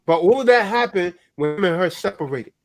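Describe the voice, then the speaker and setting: A man's voice: high-pitched, expressive, brisk. A man hosting a casual chat, telling stories in an emphatic, blunt way with plenty of swearing. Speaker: host.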